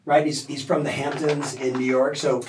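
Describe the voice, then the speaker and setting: A man's voice: mid-range voice, flat delivery, recorded from a distance. A man hosting a podcast as a coach, joking and playing off his guests in casual chat. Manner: fast, joking, plays off guests. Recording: roomy, from the mic, faint noise.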